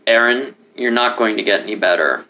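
A man voicing a gentle, somber male lion in a calm, even tone. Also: lowish voice, brisk, slight background noise. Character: solemn male lion come to take a dying friend.

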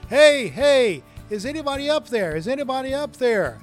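A man playing a panicked hiker who clings to a branch on a cliff and yells for help in a strained, high voice. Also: big pitch swings, moderate pace, faint music behind. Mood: frantic. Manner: frantic high-pitched yelling. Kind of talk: joke storytelling.

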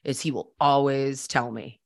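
A woman's voice: very deep voice, steady tone, measured pace, creaky. Candid woman podcast host. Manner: candid and conversational, with frequent fillers. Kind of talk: personal storytelling podcast.

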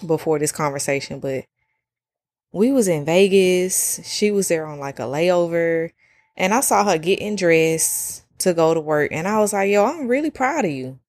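Woman in her thirties, solo podcast chat, animated and slangy, low voice, dry close sound. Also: dry recording. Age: 30s. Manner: animated, slangy, swearing freely. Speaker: podcast host. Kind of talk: casual solo podcast monologue.

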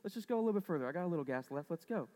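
A man's voice: on the high side, lively intonation, a little mellow, in a large hall, pitched above the performer's own voice, natural voice. A man voicing a cheerful, chatty young man who gladly helps, friendly and upbeat. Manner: upbeat, friendly, rapid questions.

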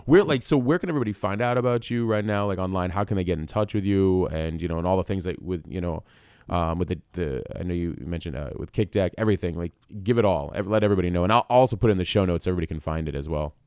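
A man hosting a podcast interview, earnest and encouraging, talking quickly. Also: sits low, darkish tone, clear, resonant tone, dry recording, studio quality. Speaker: podcast host. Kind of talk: conversational interview.

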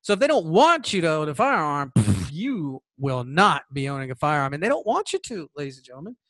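A man's voice: fairly high pitch, sing-song, brisk, a bit bright, no echo. A man hosting a political commentary podcast, reading legal text aloud and reacting with emphatic indignation. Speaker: podcast host.

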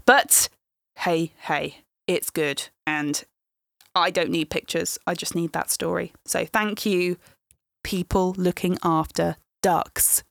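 A woman's voice: lowish voice, steady tone, slow, creaky, dry recording, studio quality. A woman hosting a podcast in casual chat, playful and chatty, often breaking into laughs. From England. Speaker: podcast host.

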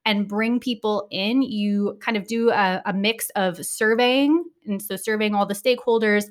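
A woman speaking as an interview guest, explaining her ideas in a clear, lively, conversational way with occasional restarts. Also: medium pitch, normal speed. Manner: articulate, lively, thinks aloud with restarts. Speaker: education consultant guest.

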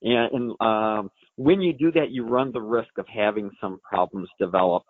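Low-voiced man explaining over a phone line. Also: normal speed, no echo. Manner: folksy, explanatory, lots of fillers. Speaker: equine science expert. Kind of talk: answering listener questions on a live show.

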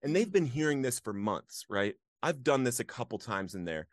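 A man's voice: medium pitch, normal speed, dry recording, studio quality. A man as an interview guest, sharing a personal story earnestly and emotionally, breaking into laughs now and then. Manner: earnest, laughs often, animated when reliving moments.

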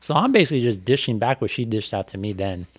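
A man's voice: on the low side, sing-song, quick pace, slightly rough, dry recording. A man, a bike racer, telling a personal story on a podcast in a candid, reflective way with lots of fillers. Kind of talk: casual podcast conversation.

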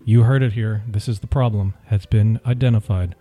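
A man's voice: fairly low pitch, fairly even intonation, normal speed, warm tone, breathy edge. A man co-hosting a podcast with his wife. He talks in a playful, teasing and reassuring way. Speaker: podcast co-host. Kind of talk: casual chat.

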